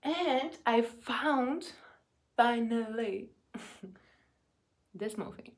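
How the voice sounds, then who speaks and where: A young woman chatting casually while she eats, halting and restarting, sometimes murmuring or whispering. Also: a little high, expressive. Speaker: vlogger. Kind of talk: casual eating vlog chat.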